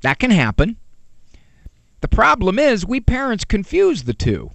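A man gives a parenting talk full of jokes and rhetorical questions. His voice is high and swings widely. The sound is dry and close. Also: measured pace, vocal fry, no echo. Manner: animated, joking asides, rhetorical questions. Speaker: parenting speaker.

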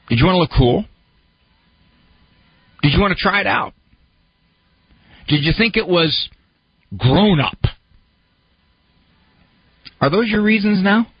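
A man with a slightly raised, husky voice speaks in a lively, rising-and-falling way, posing questions and walking through everyday examples. The recording is muffled and dry, with no room sound. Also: fairly high pitch, no room sound. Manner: talks through examples, posing questions and putting on a complaining listener's voice. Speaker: speaker on psychology and self-help. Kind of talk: conversational lecture.

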